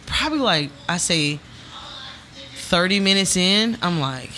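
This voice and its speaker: A woman chatting casually on a podcast, telling stories in slang with lively quoted asides. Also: fairly low pitch, a little slow, a little hiss or hum. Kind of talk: casual chat.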